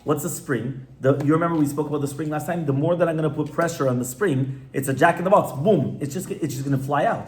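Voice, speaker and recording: A man's voice: on the high side, quick pace, few pauses, a little mellow. A man, a rabbi, teaching an informal class to a live audience in a conversational way, often stopping to ask his listeners questions.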